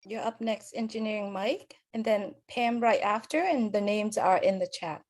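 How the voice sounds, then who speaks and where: A woman moderating an online webinar, giving polite, halting instructions and thanking people often over a video call. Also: medium pitch, darkish tone. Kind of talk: hosting an online meeting.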